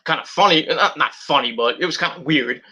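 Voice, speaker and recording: A man's voice: on the high side, fairly quick, pushed and bright, breathy edge, muffled recording. A man giving a casual, rambling play-by-play recap of wrestling matches, blunt and profane as he goes. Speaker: wrestling reviewer.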